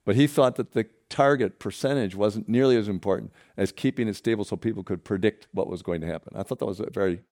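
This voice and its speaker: A man hosting a conversational interview, asking thoughtful, measured questions. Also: lowish voice, a little mellow. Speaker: interviewer host.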